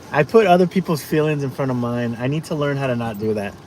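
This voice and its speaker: A man's voice: mid-range voice, animated, normal speed, a little mellow. A man chatting casually to viewers on a live food vlog, rambling with asides to his dog, outdoors and in his car. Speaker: food vlogger. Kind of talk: casual live-stream chat. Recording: noisy outdoor traffic background.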